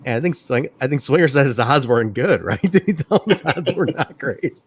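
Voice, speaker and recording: A man's voice: mid-range voice, animated, brisk, breathy edge. A man co-hosting a casual wrestling review, recapping segments, quoting lines and laughing often. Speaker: podcast co-host.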